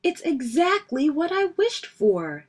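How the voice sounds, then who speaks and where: A woman's voice: fairly high pitch, a little slow, voice pushed up. Woman voicing a whiny young boy bear cub. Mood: excited. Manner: loud, excited and whiny.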